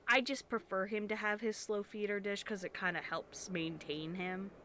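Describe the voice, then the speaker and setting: A woman's voice: medium pitch, steady tone, normal speed, bright, forceful tone, slight background noise. A young woman streamer, congested and sniffling, chatting casually and rambling while she crochets, swearing freely and restarting her sentences.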